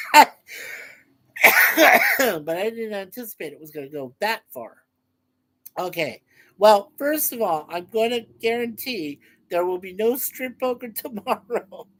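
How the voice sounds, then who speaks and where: A man's voice: sits high, fairly bright tone. Affectionate older man hosting a stream. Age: over 50. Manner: affectionate, rambling, laughs easily. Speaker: live stream host. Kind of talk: casual live stream chat, reading comments aloud.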